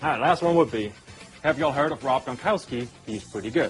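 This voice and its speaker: A man's voice: mid-range voice, animated, brisk, faint music behind. A man, a football player, patiently and encouragingly coaching a teammate through phrases in a promo clip.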